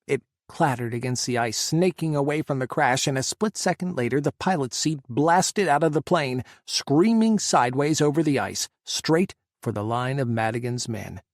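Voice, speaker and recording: In a steady, measured way, a man with a mid-range pitch narrates an audiobook from a script. The recording is close and dry, without any room sound.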